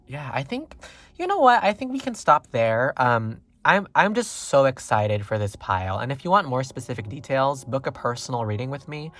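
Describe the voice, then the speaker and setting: Excitable, rambling man reading tarot. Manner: rambling and excitable, with many fillers and sudden jumps in pitch. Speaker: tarot reader. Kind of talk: casual pick-a-card tarot reading.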